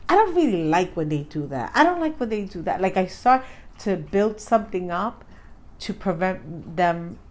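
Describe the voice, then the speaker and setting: A woman's voice: on the low side, moderate pace. A young woman co-hosting a podcast, talking in a chatty, rambling way and acting out her own reactions. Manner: chatty, rambling, animated retelling. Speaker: podcast co-host. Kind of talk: casual chat.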